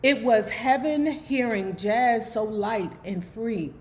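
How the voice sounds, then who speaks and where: A woman with a Southern US accent hosting a book club, reading a memoir aloud and breaking into loud, animated, casual commentary. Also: a little high, slow pace. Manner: switches between soft reading and loud animated asides.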